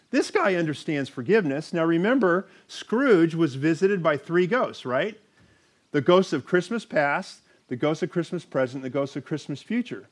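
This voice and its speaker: Animated preacher man, higher voice. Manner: animated storytelling, reading scripture aloud. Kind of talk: sermon.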